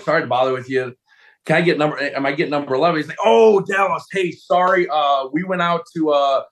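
A man in his forties, a former football player, telling a long story as a guest and acting out other people's lines. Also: mid-range voice. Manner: animated storyteller, acts out voices of coaches. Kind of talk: casual storytelling interview.

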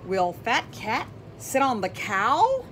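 A woman reading a children's picture book aloud, animated and exclaiming, asking her young listeners questions. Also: a little high, takes it slowly, slight background noise. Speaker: children's storybook reader.

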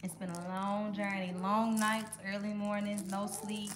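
A woman's voice: medium pitch, flat delivery, measured pace. Chatty young woman greeting live viewers. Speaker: vlog host. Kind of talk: casual live-stream chat. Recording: noticeable background noise.

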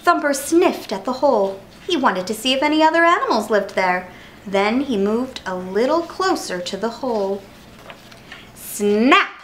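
Casting: storytime reader, lightly high voice, clear and lively for kids. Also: female voice, normal speed, slight background noise, low-quality recording. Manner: clear, expressive storybook narration. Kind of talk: reading a children's picture book aloud.

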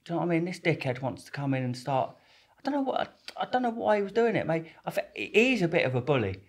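Fast and sing-song, with a fairly high pitch and a breathy edge, a young male podcast guest spins stories in a casual interview. He rambles, leans on slang, swears often, and restarts repeatedly.

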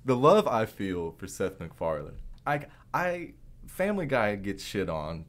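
A man with a low voice chats casually on a podcast. His pitch swings widely as he stresses his points with swearing and enthusiasm. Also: big pitch swings, measured pace. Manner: emphatic, profane, enthusiastic. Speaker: podcast co-host. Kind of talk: casual chat.

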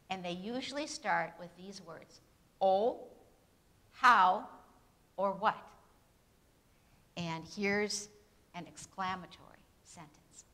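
A woman teaching an English grammar lesson at a Bible institute. She puts questions to her students, answers them herself with tag questions, and reads example sentences with clear emphasis. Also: mid-range voice, bright, forceful tone. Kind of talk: classroom lecture with questions to students.

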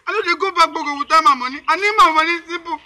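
A man's voice: very fast, pushed and bright, exaggerated voice. An actor playing a desperate young village man who begs over and over for his money, speaking Nigerian Pidgin. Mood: stubborn. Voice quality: high, pleading, insistent. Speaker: Tio, a young man from Gboko. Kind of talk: Nollywood film acting.

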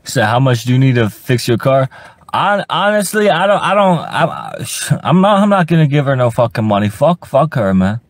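A young man ranting on a livestream, profane and rambling, stuttering and repeating himself, sometimes breaking into high-pitched shouts. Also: sing-song, normal speed. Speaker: livestream host. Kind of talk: casual livestream rant.

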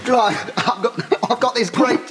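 A man's voice: very high voice, unhurried, over music. A man performing live sketch comedy, eager and fumbling, repeating himself as he tries to tell a joke. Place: TV studio stage with live audience. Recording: TV studio broadcast, audience laughter, noisy.

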